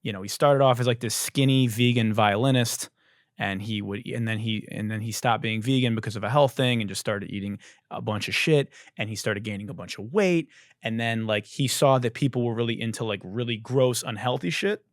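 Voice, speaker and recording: A man hosting a comedy podcast, riffing on wordplay in a profane, animated monologue, his voice a little hoarse. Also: mid-range voice, brisk, no echo, clean studio sound. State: slightly hoarse. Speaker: podcast host.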